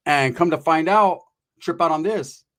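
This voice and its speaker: A man's voice: fairly high pitch, measured pace, a bit bright. A man telling a long story in casual, profane street slang. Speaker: podcast storyteller.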